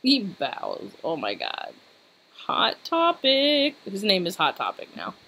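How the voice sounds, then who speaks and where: A woman's voice: mid-range voice, wildly swooping pitch, slow, sharp tone. A woman giving casual, giggly commentary while playing a video game, exclaiming and joking as she goes. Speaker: let's play host.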